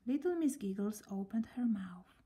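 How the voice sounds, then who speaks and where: A woman reading a children's story aloud in a gentle voice, often dropping near a whisper. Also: medium pitch, lively intonation, moderate pace, breathy edge.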